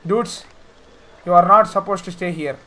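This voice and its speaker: A man's voice: high-pitched, moderate pace, sharp tone. A man with an Indian accent giving playful, jokey commentary while playing a video game. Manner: playful, jokey self-talk. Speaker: gameplay streamer. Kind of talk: let's-play commentary.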